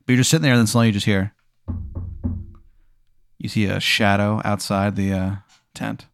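A man's voice: fairly low pitch, steady tone, moderate pace, gravelly, no room sound, clean studio sound, faint music behind. A man hosting a comedy podcast, narrating an improvised scene with lots of fillers. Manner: rambling, lots of "like". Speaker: podcast host running an improvised scenario. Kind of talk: improv storytelling.

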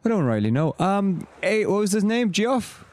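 A man's voice: high voice, very animated, normal speed, a little mellow, voice pushed up. A man doing a crude tortle adventurer with a fake Irish accent. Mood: teasing. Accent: put-on Irish. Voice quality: teasing, crude, laughs between lines. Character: brash, crude male shelled tortle adventurer.

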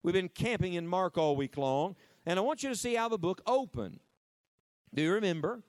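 A middle-aged man preaching a lively sermon to a camp audience, leading call-and-response and stretching out key words for emphasis. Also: high-pitched, normal speed, dry recording, studio quality.

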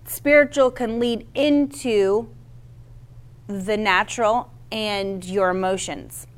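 A woman's voice: mid-range voice, fairly even intonation, slow pace. Woman preaching and reading scripture. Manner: reads scripture aloud, stumbles on names, casual asides. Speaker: Bible teacher. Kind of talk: sermon with Bible reading.

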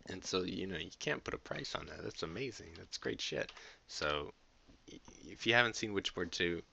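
A man's voice: sits low, expressive, moderate pace, vocal fry, pushed and bright, a little hiss or hum. A man hosting a podcast in a casual, rambling monologue, swearing freely and laughing often. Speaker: podcast host.

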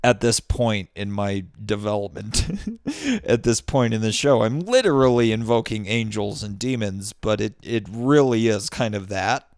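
A man's voice: on the low side, expressive, unhurried, no echo, studio quality. A man hosting his own show in a casual monologue, rambling and swearing freely, restarting his sentences and laughing often. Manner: rambling and profane, many restarts and frequent laughter. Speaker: podcast host.

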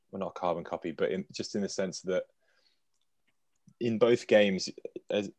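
Man, very low voice, dry close sound, hesitant casual podcast talk. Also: a little slow, darkish tone, no echo. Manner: hesitant, many restarts, sighs. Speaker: podcast host. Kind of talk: casual football podcast chat.

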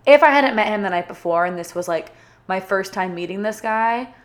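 A woman's voice: medium pitch, expressive, fairly quick. Chatty young woman telling a story. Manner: chatty, bubbly, filler-heavy with frequent "like". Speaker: vlogger. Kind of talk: casual storytime.

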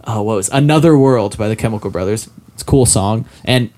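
A man's voice: lowish voice, brisk, warm tone. A man in his twenties co-hosting a casual chat, rambling and self-mocking, full of "like" and "um". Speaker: podcast co-host discussing a game.

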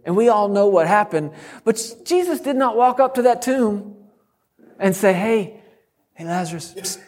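Emphatic high-voiced male preacher. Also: animated, moderate pace, background noise. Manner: bold, emphatic, humorous preaching. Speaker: guest preacher. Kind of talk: sermon.

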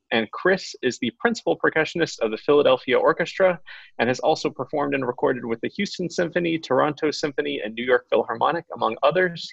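A man's voice: mid-range voice, vocal fry, fairly bright tone, husky, dry recording. A man hosting a podcast in a genial way, introducing guests and reading their bios steadily. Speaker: podcast host. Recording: dull lo-fi audio.

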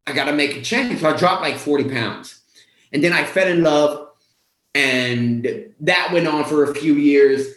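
A young man, a weight-loss coach, telling his own story to viewers in a casual, animated way and acting out what he said back then. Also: on the high side. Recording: roomy echo.

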